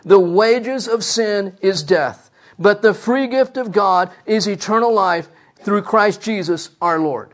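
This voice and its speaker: A man's voice: high voice, slow pace. A man preaching a sermon, emphatic, asking the congregation rhetorical questions.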